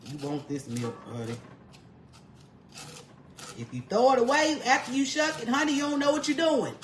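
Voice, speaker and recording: A woman's voice: high-pitched, sing-song, takes it slowly, pauses often, sharp tone, reverberant, a little hiss or hum. A woman demonstrating home cooking, folksy and chatty, calling the viewer honey and laughing often. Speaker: home cook vlogger. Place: home kitchen.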